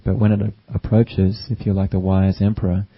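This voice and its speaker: A man giving a gentle, unhurried dharma talk as a meditation teacher, with frequent ums and uhs. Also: sits low, level tone, slightly rough. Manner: gentle, unhurried, with many fillers. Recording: dull lo-fi recording.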